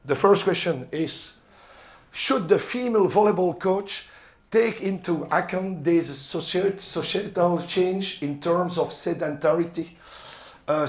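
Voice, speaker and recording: A middle-aged French-accented man lectures a room of coaches in English, his voice sitting notably high for a man. He talks in halting bursts, often stalling on fillers while he hunts for the right word. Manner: halting, searches for words, frequent fillers. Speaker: volleyball coach giving a seminar talk.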